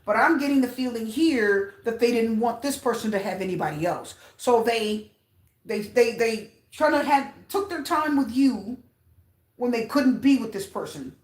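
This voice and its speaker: A woman's voice: on the high side, normal speed. A woman doing a casual tarot reading for her viewers, chatty and repetitive, often asking them questions. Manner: chatty, repeats herself, asks viewers questions. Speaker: tarot reader. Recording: roomy echo.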